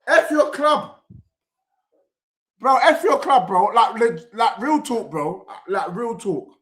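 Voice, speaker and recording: Young man, very high bright voice, lively swinging pitch, football watchalong streamer. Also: slow. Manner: excitable, loud, reads chat messages aloud. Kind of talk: live match reaction with chat.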